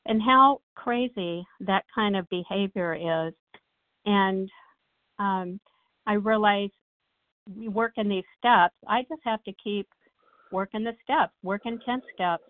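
A woman's voice: lowish voice, no echo. Woman sharing over a tinny phone line. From Nashville, USA. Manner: rambling, self-mocking, animated when quoting herself. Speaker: meeting member sharing. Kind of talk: personal share on a phone meeting. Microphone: phone call.

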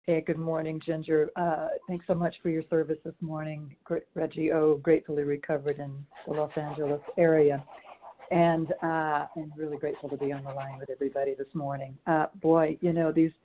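A man's voice: on the high side, flat delivery, brisk. A man sharing casually at a meeting, friendly with hesitant fillers. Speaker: meeting participant. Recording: phone line with faint noise.

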